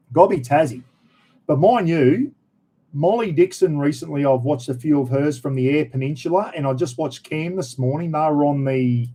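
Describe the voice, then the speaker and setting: A man's voice: fairly high pitch, warm tone, rough recording. A middle-aged Australian man, a former cop and prison officer, chatting bluntly on a livestream while he answers questions from viewers. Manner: blunt and salty, swears freely. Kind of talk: casual livestream chat.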